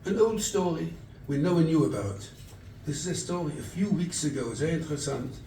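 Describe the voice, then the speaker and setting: Distant rabbi preaching in echoey hall. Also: male voice, a little high, animated, a little fast, warm tone, a little hiss or hum. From England. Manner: storytelling, quotes scripture and acts out dialogue. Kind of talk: sermon at a charity event. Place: event hall. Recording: echoey room, distant mic.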